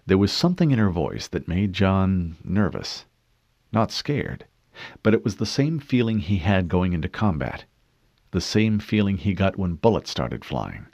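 A man narrating an audiobook in a steady, measured way. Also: deep voice, no echo. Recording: dull dry studio read.

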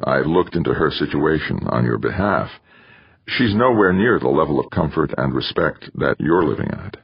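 A man with a deep, creaky, husky voice voicing a smooth, manipulative male administrator in an audiobook, talking in a coaxing, persuasive way. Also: animated, normal speed, no echo, lo-fi sound, heavily acted. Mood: lecturing.

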